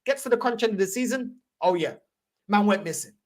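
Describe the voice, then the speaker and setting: A woman's voice: mid-range voice, expressive, fairly quick, a little mellow. A woman hosting a fan channel, ranting heatedly in slangy, repetitive reaction commentary.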